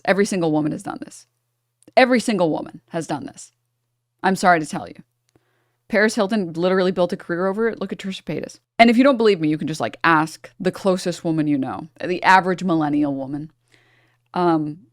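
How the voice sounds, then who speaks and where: A woman's voice: mid-range voice, no echo, studio quality. A woman streaming, talking to her chat in a sarcastic, exasperated reaction commentary.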